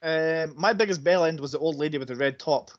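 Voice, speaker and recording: A man's voice: fairly high pitch, brisk. A man on a podcast works through his film award picks in a wry, offhand manner. His recording sounds muffled and lo-fi, as if the top end were cut off. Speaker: podcast co-host. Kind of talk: casual film chat. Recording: dull lo-fi podcast audio.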